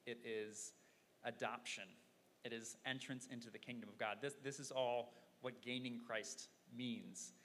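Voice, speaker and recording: A man's voice: mid-range voice, steady tone, measured pace, a bit bright. A man preaching a sermon in an earnest, explaining way, often repeating words as he thinks. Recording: long hall reverb, faint noise.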